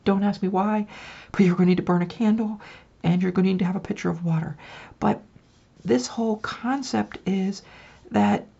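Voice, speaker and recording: A woman talks through a spiritual tarot reading in a loose, chatty way, often turning to the listener to check they follow. Her voice has a gravelly, husky edge and sits at an ordinary pitch. The recording is dull and lo-fi. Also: normal speed, warm tone. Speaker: tarot reader.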